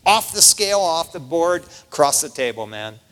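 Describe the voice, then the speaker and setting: Lively middle-aged male preacher in a reverberant hall. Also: fairly high pitch, normal speed, clean tone. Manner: animated, conversational, peppers lines with "man". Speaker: pastor. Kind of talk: casual preaching sermon. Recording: long reverb of a large hall.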